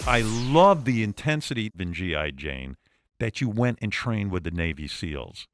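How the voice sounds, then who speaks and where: A man hosts a radio interview, pressing his guest with blunt, crude questions. His voice sits low but swings widely in pitch. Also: big pitch swings, unhurried, no room sound, clean studio sound. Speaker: host. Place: radio studio.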